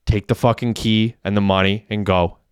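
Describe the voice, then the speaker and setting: A man's voice: lowish voice, little pitch movement, normal speed, smooth, dry recording, studio quality, natural voice. A man voicing a desperate young male criminal who talks in an urgent, raw way. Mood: pleading.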